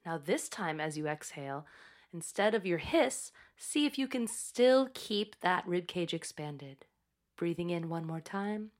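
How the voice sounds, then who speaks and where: Slow, calm woman coaching breath. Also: lowish voice. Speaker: voice instructor. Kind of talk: guided breathing and voice exercise.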